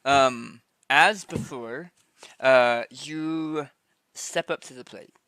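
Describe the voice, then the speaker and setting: Bright-voiced, unhurried game master man. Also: medium pitch, smooth, no room sound. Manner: relaxed, many ums and restarts. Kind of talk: narrating a tabletop game.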